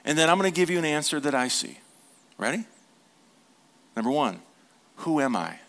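A man preaching a sermon as a pastor. He asks the congregation questions, repeats them, and drops to a hushed tone for tender points. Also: fairly high pitch, lively intonation, brisk, creaky, long pauses.

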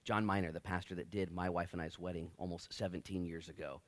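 A man in his late thirties preaching a sermon, telling stories and acting out quotes with big swings between loud and quiet. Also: low voice, quick pace. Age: 30s. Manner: animated storytelling, big swings in loudness, acts out quotes. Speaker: pastor.

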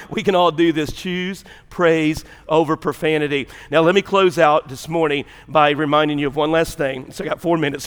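A Southern preacher from Mississippi delivers his sermon with folksy, fervent conviction. His voice sits a little high for a man, and his accent colors every loose, colloquial phrase. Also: fairly bright tone, in a large hall. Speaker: pastor.

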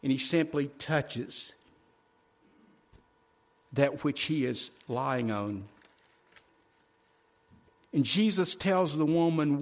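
A male preacher delivering a sermon in a slightly high voice, folksy and direct with his congregation. He swings between loud, pressing phrases and quiet, hushed ones. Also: slow pace, pauses often.

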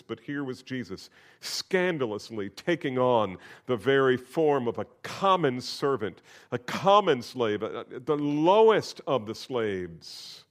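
A man preaching a sermon as pastor, emphatic, with sudden rises in pitch and volume. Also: big pitch swings, slow pace.

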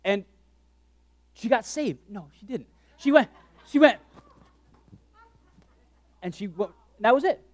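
A man preaching a sermon as pastor, animated and joking, acting out his own thoughts in quick asides. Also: sits high, dry recording.

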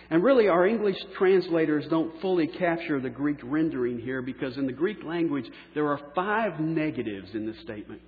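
A pastor preaching a sermon, slowing down for key phrases and letting line endings trail off softly. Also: male voice, a little high. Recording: echoey hall on a tinny phone-like line.

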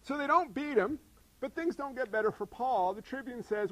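A man preaching a sermon in an animated way, acting out voices and asking the congregation questions. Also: very high voice, moderate pace, dry recording, poor audio. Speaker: pastor.

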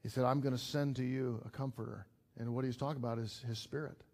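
A man's voice: medium pitch, fairly even intonation, fast talker, vocal fry, a little mellow. A middle-aged man preaching a sermon to a small church group in a conversational way, building to emphatic peaks. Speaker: pastor. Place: church gathering.

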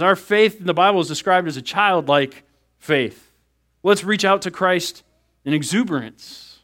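A man in his thirties with a high voice, a pastor delivering a sermon in a lively, conversational style and acting out small asides.

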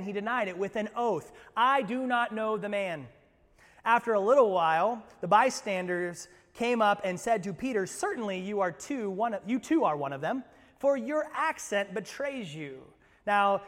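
Pastor guy preaching, high-ish voice, gets loud then drops real quiet, big churchy reverb. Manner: animated, swings from loud bursts to quiet low asides. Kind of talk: sermon. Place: church sanctuary.

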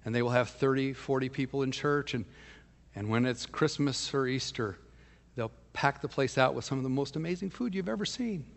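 Man, pastor, emphatic storytelling sermon, mid pitch, long hall reverb. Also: moderate pace, creaky. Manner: storytelling, emphatic, dropping to a hushed voice for intimate points.

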